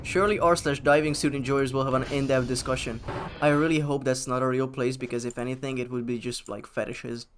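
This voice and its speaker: A man's voice: mid-range voice, level tone, a little fast, a little hiss or hum. A man streaming a game live, chatting casually and sarcastically with his chat and swearing freely. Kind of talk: casual live gameplay commentary.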